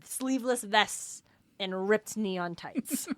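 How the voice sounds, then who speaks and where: A woman's voice: medium pitch, takes it slowly, a bit bright, dry recording, studio quality. A woman co-hosting a casual podcast, playful and joking, breaking into silly asides. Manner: playful, jokey asides and goofy voices. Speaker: podcast co-host. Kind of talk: casual chat.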